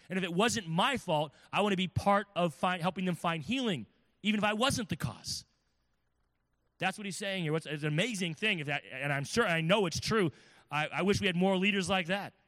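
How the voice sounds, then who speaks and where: A man's voice: a little high, brisk. Preaching man in a reverberant hall. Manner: expository preaching with scripture readings, dynamic swings from loud to hushed. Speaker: pastor. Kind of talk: sermon.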